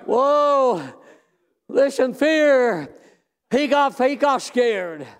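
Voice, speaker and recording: A man preaching a fervent sermon in a strikingly high voice. He talks slowly in folksy, plain speech and drags out his words. He breaks often into shouts and long, drawn-out exclamations. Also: expressive.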